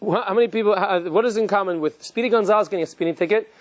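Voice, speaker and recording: A man, a rabbi, giving an animated, joking lecture and quizzing his live audience. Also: sits high, racing, no room sound.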